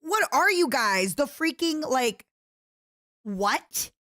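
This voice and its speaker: A woman's voice: sits high, big pitch swings, slow pace, bright, forceful tone, dry recording, studio quality. A woman from Eastern Europe streaming, chatting playfully with her chat and often breaking into giggles. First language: French-schooled, non-native English.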